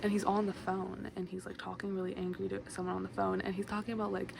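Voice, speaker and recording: A woman's voice: medium pitch, little pitch movement, fast, gravelly. A young woman casually summarizing a book at home, rambling with lots of fillers and side comments. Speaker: book vlogger. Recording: noisy room with a fan running.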